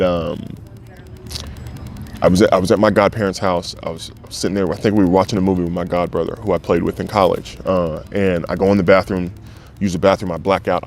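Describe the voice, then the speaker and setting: Here a low-pitched man is heard through a little hiss or hum. In his thirties and from the United States, the former football player opens up emotionally in a candid interview, swearing freely and acting out other people's voices.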